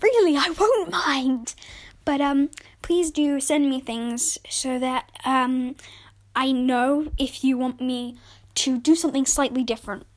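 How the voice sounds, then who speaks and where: Casting: podcast storyteller, high voice, chatty and informal, reads a novel aloud. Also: female voice, fairly even intonation, unhurried. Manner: chatty, self-correcting, informal. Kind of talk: storybook reading.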